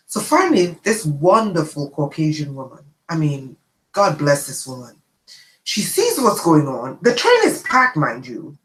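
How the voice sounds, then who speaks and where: Animated, chatty woman storyteller, roomy sound. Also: fairly low pitch, measured pace. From immigrant to the United States. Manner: chatty, animated, checks in with "okay?". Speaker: channel host. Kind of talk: casual livestream storytelling.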